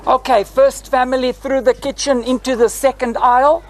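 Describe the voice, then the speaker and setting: A South African retired flight attendant in his sixties leads a group through a parked airliner cabin, theatrical and lively, ending lines with "eh?". His voice is very high-pitched at a normal speed, and the low-quality recording carries a slight hiss or hum.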